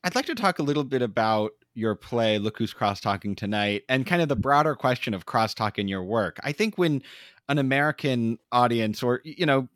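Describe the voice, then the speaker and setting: A man's voice: fairly low pitch, a bit bright, dry recording, studio quality. A man interviewing a playwright, asking long, carefully hedged questions. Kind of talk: conversational interview.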